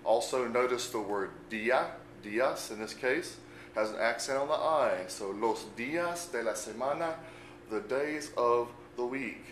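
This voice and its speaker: A man at a middle pitch talks slowly and patiently, like a teacher walking through a lesson and spelling each word out letter by letter. His voice rings around an echoey room, and a faint hum sits underneath it. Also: fairly bright tone. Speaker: Spanish teacher. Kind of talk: unscripted language lesson.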